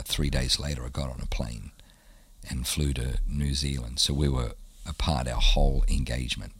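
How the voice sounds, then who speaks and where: A man's voice: a bass voice, husky, dry recording. A man, a pastor telling stories as a guest in an interview and acting out what other people said. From Australia. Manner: animated storyteller who acts out the quotes of others. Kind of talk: storytelling in a casual interview.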